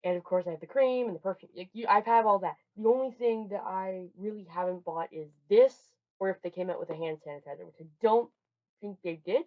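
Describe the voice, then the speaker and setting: A young woman chatting casually through a holiday haul, rambling and restarting, with sudden loud bursts. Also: medium pitch, fairly quick. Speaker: vlogger. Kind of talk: casual show-and-tell haul. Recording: dull lo-fi home recording.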